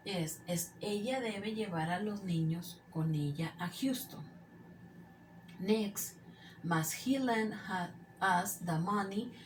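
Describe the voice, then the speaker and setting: Slow, deliberate woman teacher. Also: mid-range voice, a little hiss or hum, low-quality recording. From Mexico. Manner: drills example sentences one by one, slow and deliberate. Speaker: English teacher. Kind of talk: recorded grammar lesson.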